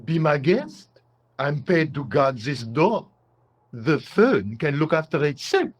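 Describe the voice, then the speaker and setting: A gruff French guard. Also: male voice, a little high, very animated, slow, full character voice. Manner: gruff, sardonic. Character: grumpy French door guard.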